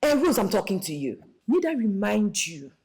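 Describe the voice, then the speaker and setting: A woman's voice: medium pitch, sing-song, normal speed, a little mellow. An actress with a Nigerian accent playing a mocking young woman who taunts her friend in English and Pidgin. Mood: taunting. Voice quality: sneering, mixes English and Pidgin.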